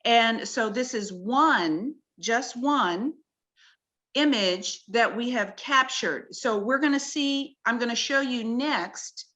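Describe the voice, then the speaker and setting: A woman's voice: on the high side, slow, pushed and bright. A woman, a talk-show guest, earnestly walking through slides of her research in a video-call conversation and explaining each with wonder.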